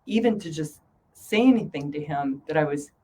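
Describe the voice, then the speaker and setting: A middle-aged woman, a guest in an interview, telling her story with animated voices for her own past thoughts. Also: sits low, moderate pace, a little hiss or hum, low-quality recording.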